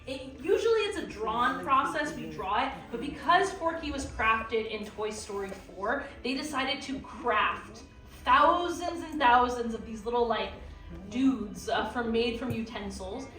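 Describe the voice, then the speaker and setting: A young woman art instructor leads a live drawing class before an audience in a theme park art classroom, chatty and playful with plenty of fillers. Her voice sits on the high side, bright and forceful, expressive and unhurried. Soft music plays behind her, and the echoey room is recorded from a distance.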